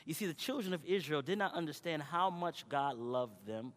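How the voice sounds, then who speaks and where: A male preacher delivering a sermon, moving between loud exhortation and quiet personal storytelling. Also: on the high side, normal speed, hardly any pauses. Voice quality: swings from shouting to quiet storytelling. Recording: long hall reverb.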